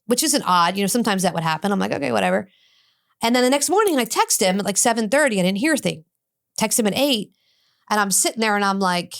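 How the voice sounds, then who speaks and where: A woman's voice: mid-range voice, vocal fry. A middle-aged woman, a guest on a talk show, telling a personal story and acting out the dialogue she quotes. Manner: animated, acts out quoted dialogue. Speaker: addiction expert guest. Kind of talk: personal storytelling in a podcast interview.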